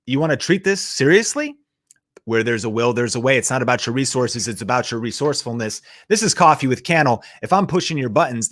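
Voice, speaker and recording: A man's voice: high voice, a bit bright. A man hosting a motivational live show, talking in a punchy, fired-up, slangy way. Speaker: show host. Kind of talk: motivational livestream talk.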